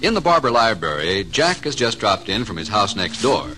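A man's voice: fairly low pitch, sing-song, moderate pace, pushed and bright, a little hiss or hum. A man reading the scripted narration of an old-time radio drama. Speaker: announcer.

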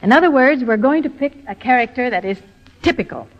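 A woman with a high voice coaches a younger actress on air, precise and instructive, often slipping into a thick demonstration brogue. The recording is an old lo-fi radio broadcast with a long, hall-like reverb. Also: expressive, brisk.

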